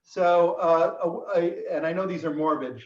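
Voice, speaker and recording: Guy hosting a video call panel, kinda high voice, lots of uhs, echoey room, sits back from the mic. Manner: halting, many fillers, dry jokes. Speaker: host. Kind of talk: virtual roundtable hosting. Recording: echoey room, far from mic, dull sound.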